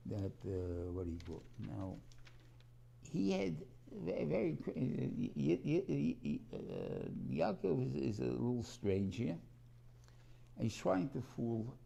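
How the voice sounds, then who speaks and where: A man's voice: mid-range voice, gravelly, warm tone, breathy edge. A man teaching a Torah class in a rambling, conversational way, often restarting his sentences and mixing in Hebrew terms.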